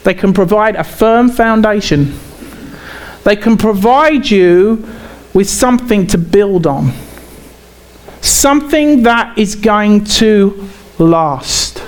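A man with an English accent preaching a sermon in a conversational way, halting and often repeating himself. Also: high voice, lively intonation. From England.

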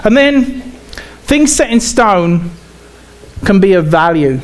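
A man with an English accent preaching a sermon in a conversational way, halting and often repeating himself. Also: high voice, sing-song. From England.

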